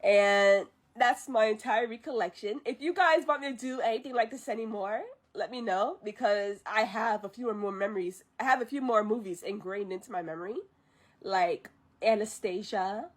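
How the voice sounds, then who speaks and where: A woman vtuber retelling a movie on a live stream, chatty and animated with frequent laughs. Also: medium pitch, normal speed.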